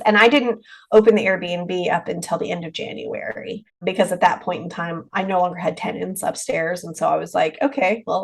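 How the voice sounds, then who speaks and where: Woman, middle-aged, podcast guest, casual rambling talk, frequent restarts, everyday mid-pitched voice. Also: poor audio. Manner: rambling, with many restarts and trailing clauses. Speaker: haunted rental owner, podcast guest. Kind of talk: casual interview chat.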